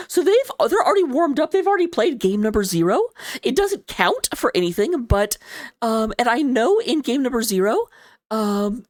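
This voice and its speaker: A woman casting an esports match in a chatty, giggly, rambling way, lounging low in her chair. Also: darkish tone, no room sound, clean studio sound. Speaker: esports caster. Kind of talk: casual esports commentary.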